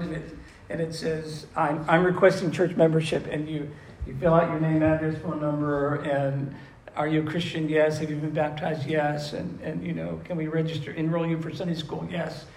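Gravelly man teaching in an echoey room. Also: on the high side. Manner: conversational, questioning the audience, repeats himself. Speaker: pastor teaching a church class. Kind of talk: interactive sermon. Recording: roomy echo with faint room noise.

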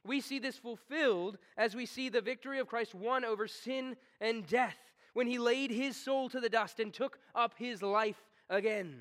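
A man preaching a sermon, swinging from hushed, slow tones to stern, rising commands. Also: extremely high pitch. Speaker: pastor.

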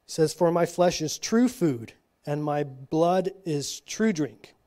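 Fairly high-voiced man teaching scripture. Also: expressive, dark tone. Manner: slow reading broken by casual asides and frequent "okay?". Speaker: Bible study teacher. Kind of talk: reading scripture with commentary.

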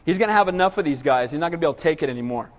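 A man's voice: fairly high pitch, expressive, rapid-fire. A male pastor preaching a sermon in a conversational way, asking the congregation questions and acting out whiny voices. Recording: long hall reverb.

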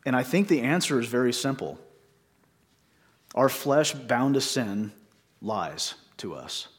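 A man's voice: mid-range voice, animated, takes it slowly. A man preaching a sermon in church, conversational, with many rhetorical questions to the congregation. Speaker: pastor.

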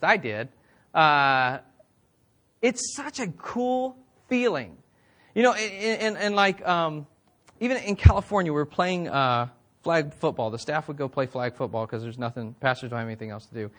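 A man's voice: on the high side, expressive, moderate pace, fairly bright tone. A male pastor preaching a sermon in a conversational way, often repeating words and asking the crowd questions.

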